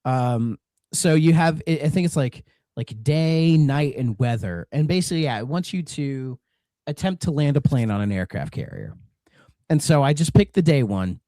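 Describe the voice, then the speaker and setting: A man's voice: on the high side, animated, moderate pace, warm tone, no room sound. A man co-hosting a retro game podcast in casual, rambling chat, swearing and drifting into rants. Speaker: podcast co-host.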